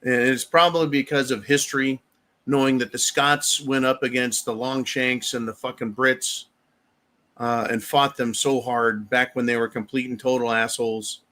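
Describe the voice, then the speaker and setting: An American man hosts a live show, reading viewer messages aloud as he rants bluntly and profanely in a rambling, casual way. His voice is mid-range with fairly even intonation, and he talks at normal speed with a sharp tone.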